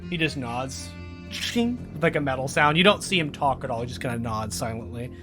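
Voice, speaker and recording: A man running a tabletop game as game master, giggly and animated, putting on voices for the characters. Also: medium pitch, fairly quick, music in the background.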